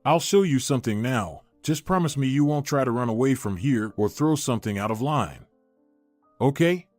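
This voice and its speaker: A man voicing a wealthy middle-aged businessman who speaks in a measured, heavy, confiding way, in a storybook reading. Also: medium pitch, animated, darkish tone, dry recording, faint music behind, close to an everyday voice.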